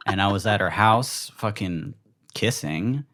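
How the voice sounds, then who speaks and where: Man, podcast co-host, low voice, rambling giggly banter, swears a lot. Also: a little slow, fairly bright tone. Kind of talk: casual comedic chat.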